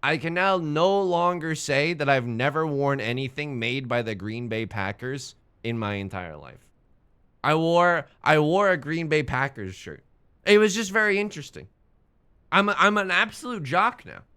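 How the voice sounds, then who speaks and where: A man's voice: fairly high pitch, expressive, moderate pace, pushed and bright, smooth. A young man streaming a game, chatting casually in a rambling, self-mocking way and swearing when the game frustrates him. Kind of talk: casual gaming stream chat.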